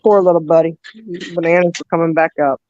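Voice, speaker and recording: A woman's voice: deep voice, no room sound. A woman hosting a casual chat, telling a long story with lots of fillers and laughter. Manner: lively, laughing, drawn-out storyteller with many fillers. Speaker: host. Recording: dull lo-fi dry sound.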